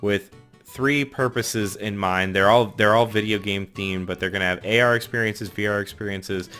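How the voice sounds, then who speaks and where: A man's voice: fairly low pitch, steady tone, normal speed, pushed and bright, smooth, soft background music. A man hosting a casual group chat, joking and laughing mid-sentence. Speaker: podcast host.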